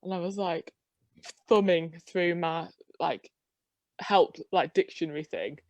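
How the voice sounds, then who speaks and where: A woman's voice: on the low side, takes it slowly, a little mellow, dry recording, dull audio. A young woman, a podcast co-host, chatting and telling a self-mocking story. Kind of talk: casual storytelling chat.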